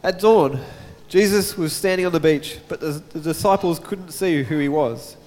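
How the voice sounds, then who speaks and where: High-voiced pastor in a reverberant hall. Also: male voice, normal speed, a little mellow. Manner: chatty, jokes with the congregation. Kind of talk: sermon with Bible reading.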